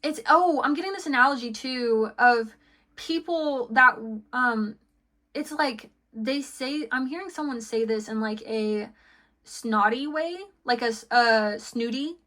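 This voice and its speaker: This woman's voice sits on the high side, pushed and bright, and she takes her time. Her casual tarot reading is rambling and chatty, packed with fillers and restarts, with laughter between thoughts.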